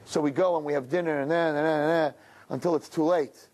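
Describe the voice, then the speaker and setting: Impassioned male preacher, higher voice. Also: steady tone, fairly quick. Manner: impassioned storytelling, builds to shouting. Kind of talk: sermon.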